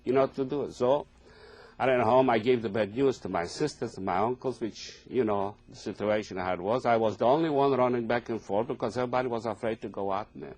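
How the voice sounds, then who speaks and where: Husky-voiced elderly man. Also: darkish tone. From Poland. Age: older, 80s. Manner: halting, plain non-native phrasing, deeply earnest. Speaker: Holocaust survivor giving testimony. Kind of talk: oral history testimony.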